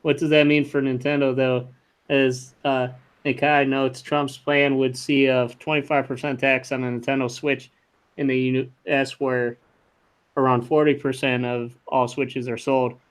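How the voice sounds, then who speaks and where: Smooth, flat-voiced man reading tech news. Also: medium pitch, a little slow. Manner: reads news items aloud, profane and offhand. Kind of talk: casual podcast chat.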